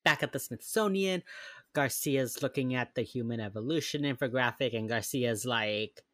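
A woman's voice: very deep voice, moderate pace, a bit bright, no echo, clean studio sound. A woman chatting casually on a podcast, recapping a TV episode and acting out the characters' lines with lots of laughter. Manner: swears casually. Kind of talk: casual chat.

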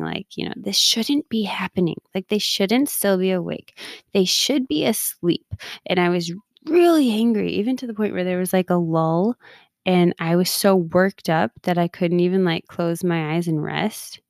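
A woman in her thirties with a low, gravelly voice talks through a candid, reflective monologue. She often laughs at herself. The recording is dry and close. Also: a little mellow, no room sound. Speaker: podcast host and mindset coach.

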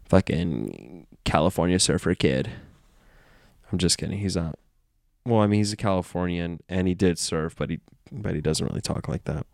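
Talking from his bed at home, a podcast host delivers a rambling solo monologue, playful and meandering. He has a low-pitched, creaky, slightly mellow voice with fairly even intonation and a little fast pace, in studio-quality audio with no room sound.

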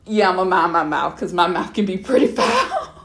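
Animated, foul-mouthed woman podcast host. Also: lowish voice, moderate pace, echoey room. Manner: animated, profane, outraged storytelling. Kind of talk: solo podcast storytelling.

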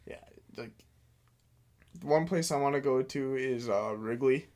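A man's voice: medium pitch, a little slow, darkish tone. Nasal, easygoing young man. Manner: easygoing, laughs often. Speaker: podcast co-host. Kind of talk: casual chat.

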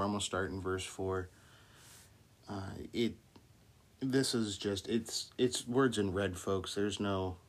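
A man speaking as a minister, giving an informal Bible talk with many restarts and fillers, then reading scripture slowly. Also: low voice. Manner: slow deliberate scripture reading.

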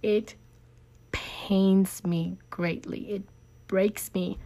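A woman host speaks from the heart, emphatic and near tears. Her voice is of middling pitch. She leans on each point with conviction. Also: flat delivery, very slow, dark tone. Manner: emotional, emphatic, confessional. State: tearful. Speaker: podcast host, business owner. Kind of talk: personal faith talk.

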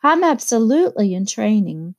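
A woman's voice: mid-range voice, very animated, moderate pace, no room sound, voice pushed up. A woman voicing an aloof young sportswoman who speaks in a dry, offhand way. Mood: languid.

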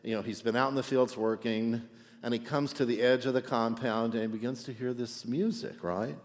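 A man's voice: mid-range voice, moderate pace, big-room sound. A man preaching a sermon in a chatty way, often checking in with the congregation with "right?". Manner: conversational, frequent "right?" asides, animated. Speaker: pastor.

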